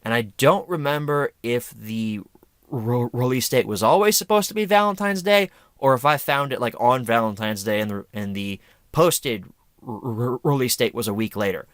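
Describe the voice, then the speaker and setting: A man's voice: mid-range voice, normal speed. A young man hosting a casual review, rambling and self-deprecating with jokey asides. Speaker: host.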